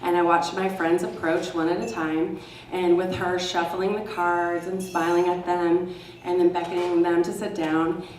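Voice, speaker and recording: A woman's voice: lowish voice, little pitch movement, normal speed, a little mellow, slight background noise. A woman from Texas telling a personal story to a live audience, sarcastic and casually profane, often laughing. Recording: roomy hall, mic at a distance.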